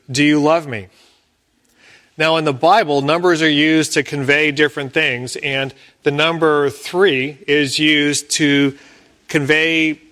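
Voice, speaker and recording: A man delivers a sermon at an unhurried, deliberate pace, his voice sitting a little higher than most men's. He explains scripture patiently, pausing between phrases. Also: fairly bright tone. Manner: slow, measured preaching with careful pauses. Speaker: pastor.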